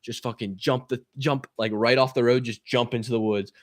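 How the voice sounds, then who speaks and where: A young man spins a long anecdote at an everyday pitch. He swears constantly. He drops into lively acted-out quotes as he talks. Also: moderate pace, no echo, studio quality. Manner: profane, animated, acts out quotes. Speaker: guest. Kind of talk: casual storytelling.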